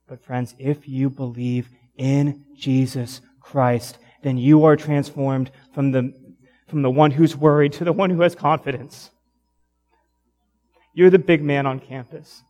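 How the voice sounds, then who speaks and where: A young man preaching a sermon in a church, telling stories casually and laughing often. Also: mid-range voice. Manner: casual, animated storytelling with laughs. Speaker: pastor.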